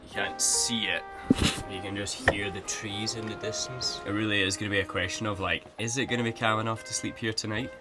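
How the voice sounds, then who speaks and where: A man's voice: on the low side, steady tone, brisk, loud music behind the voice. A man from Scotland vlogging casually from a motorhome and outdoors, stuffy with a cold, chatty and joking. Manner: chatty, joking, easily startled into loud yelps. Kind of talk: casual vlog chat. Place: motorhome and outdoors in windy highlands.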